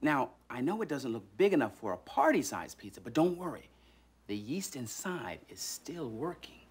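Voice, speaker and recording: A man's voice: medium pitch, sing-song, normal speed, a little hiss or hum. A man hosting a children's educational TV show, talking playfully straight to the viewer. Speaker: host. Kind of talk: children's TV presenting.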